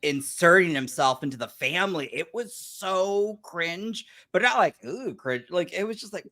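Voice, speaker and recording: A woman's voice: fairly low pitch, normal speed, fairly bright tone. A woman chatting as a podcast guest, reacting expressively and restarting her sentences as she thinks. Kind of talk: casual chat.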